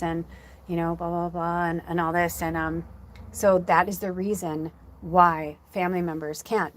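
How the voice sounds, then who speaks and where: A woman's voice: fairly low pitch, flat delivery, normal speed. Middle-aged woman, psychic medium host, casual rambling livestream talk, emotional, near tears. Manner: rambling, heavy use of "like" fillers.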